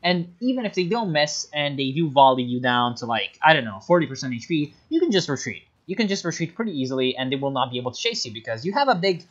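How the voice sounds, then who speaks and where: Animated, exasperated male game caster. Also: on the high side, quick pace, few pauses. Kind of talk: replay commentary. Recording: lo-fi muffled mic.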